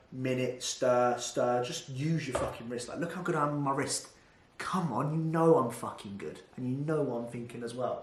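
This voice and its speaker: A man's voice: mid-range voice, a little hiss or hum. Brash, swearing British man in echoey kitchen. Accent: British English. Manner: brash, swearing, joking and boastful. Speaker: fitness vlogger. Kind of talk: casual cooking vlog chat. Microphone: camera microphone. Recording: roomy room echo.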